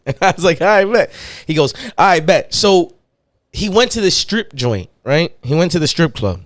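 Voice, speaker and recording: A man's voice: sits high, moderate pace, no room sound, studio quality. A man hosting a podcast, telling a raunchy story in casual chat, laughing and swearing as he goes. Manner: laughs through his own story, profane, animated. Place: podcast studio.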